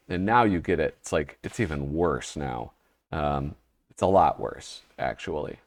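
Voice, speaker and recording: A man's voice: sits low, animated, normal speed, no room sound, clean studio sound. A man hosting a casual show, flipping through an old humor magazine and reading the panels aloud with a wry, rambling manner. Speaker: host.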